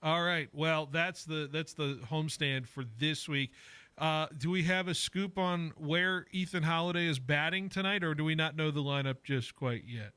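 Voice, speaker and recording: A man's voice: a little high, normal speed, bright, forceful tone, clean tone, no echo. A man hosting a local sports radio show, chatting casually with plenty of fillers. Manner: upbeat, filler-heavy. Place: radio studio. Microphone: studio mic.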